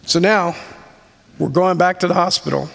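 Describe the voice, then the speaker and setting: Gravelly man testifying in a big hall. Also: high voice, fairly even intonation, a bit bright. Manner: earnest, slow storytelling with pauses. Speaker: speaker sharing testimony. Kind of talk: sermon-style personal testimony. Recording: long hall reverb.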